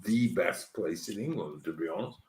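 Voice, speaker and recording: A man's voice: deep voice, lively intonation, normal speed, crowd noise. Blunt, stammering man in an echoey room. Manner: stammering restarts, blunt and swearing. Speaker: host. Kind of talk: casual podcast chat.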